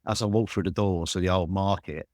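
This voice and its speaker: Low-voiced London man in his sixties. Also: a little fast, dry recording, studio quality. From Walthamstow, London. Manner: lively storyteller who swears freely. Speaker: guest. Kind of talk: telling anecdotes in an interview.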